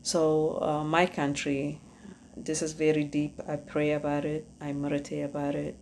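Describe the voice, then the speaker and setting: A woman with an Ethiopian accent, a podcast host giving earnest personal testimony, halting and searching for words. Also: deep voice, monotone, gravelly, darkish tone, a little hiss or hum.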